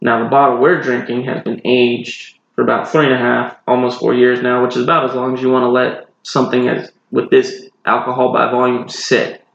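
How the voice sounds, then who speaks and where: A man's voice: mid-range voice, monotone, a little fast, vocal fry, hardly any pauses, a bit bright. A man from North Carolina co-hosting a podcast, chatting casually and explaining beers at length with a laid-back, digressive manner. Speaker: podcast co-host. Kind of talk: casual podcast chat with beer reviewing. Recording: roomy, dull lo-fi sound.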